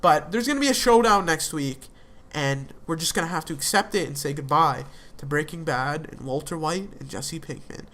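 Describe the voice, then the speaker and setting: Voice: mid-range voice, normal speed, a bit bright. A young adult speaker recapping a TV episode in a casual, rambling way, full of fillers and restarts. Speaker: TV episode reviewer.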